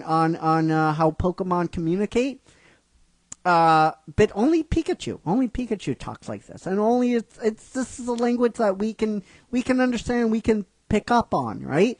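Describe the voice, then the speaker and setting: A man casually narrating his own fan script as a story, halting often and restarting his sentences. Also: sits high, no room sound. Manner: halting, with many restarts and fillers.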